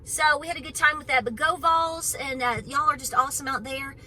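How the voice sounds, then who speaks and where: A middle-aged woman with an East Tennessee Southern drawl talks straight to her viewers in a folksy, outspoken way. Her voice sits a little high and rings bright and forceful. A faint hiss runs under it. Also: steady tone, a little fast, low-quality recording. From Knoxville, Tennessee, USA. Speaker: homestead channel host. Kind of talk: casual vlog chat to camera. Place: on her farm, about to go for a run.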